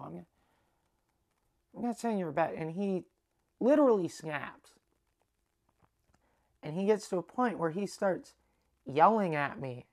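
A man's voice: high voice, slow, long pauses. A young Canadian man hosting a podcast, telling a long rambling story with lots of swearing and acted-out dialogue. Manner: rambling, animated, swears freely, acts out quoted dialogue. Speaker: podcast host. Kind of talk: casual storytelling monologue.

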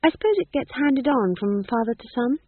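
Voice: expressive, brisk, dry recording. A reader voicing a shy, nervous young witch woman who speaks politely and hesitantly, with a quavering voice. The recording sounds tinny and phone-like. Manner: polite, hesitant, high wavering voice.

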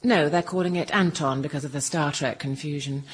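A woman's voice: low-pitched, fairly quick. Dry-witted woman, comedy guest. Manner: dry, wry understatement. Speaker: actress guest. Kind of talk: scripted radio comedy sketch. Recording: hissy archive radio recording.

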